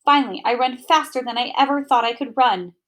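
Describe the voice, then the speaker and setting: A woman's voice: on the high side, a little fast. Woman reading a children's storybook aloud. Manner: gentle, expressive first-person narration. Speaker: storybook reader.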